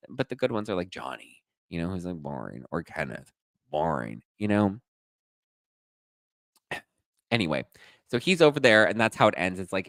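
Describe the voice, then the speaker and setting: A man's voice: lowish voice, a bit bright, dry recording. A man hosting a casual live gossip chat, sassy and dishy, reading and reacting to viewer comments. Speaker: host.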